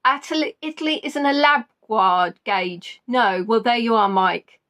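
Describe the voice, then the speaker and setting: A woman's voice: on the high side, normal speed, fairly bright tone. A woman hosting a live online quiz, reading out players' answers and teasing them playfully. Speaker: quiz host.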